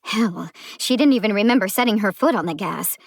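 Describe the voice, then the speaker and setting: A woman narrating a thriller audiobook in a measured storytelling style. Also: medium pitch, expressive, dry recording.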